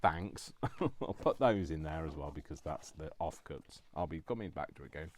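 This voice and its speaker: Deep-voiced chatty man crafting. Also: normal speed. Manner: chatty and self-deprecating, talking to himself while working. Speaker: crafting vlogger. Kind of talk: casual crafting chat to viewers.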